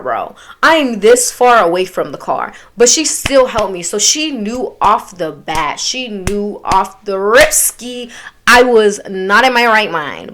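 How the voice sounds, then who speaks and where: A young adult woman telling a storytime to her viewers in a casual, animated and slangy way, often talking straight to the audience. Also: mid-range voice, slight background noise.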